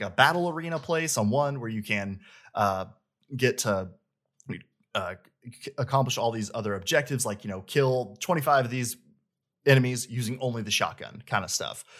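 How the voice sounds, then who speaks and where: A man's voice: medium pitch, moderate pace, a bit bright. A man hosting a casual chat, rambling enthusiastically about a video game. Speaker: host, game reviewer.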